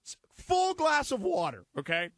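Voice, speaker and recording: A man co-hosting a sports radio show, chatting casually, reading an ad and telling a story with lively acted-out bits. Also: very high-pitched, moderate pace, no room sound. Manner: animated storyteller, acts out scenes. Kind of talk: casual radio banter and live ad read. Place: radio studio.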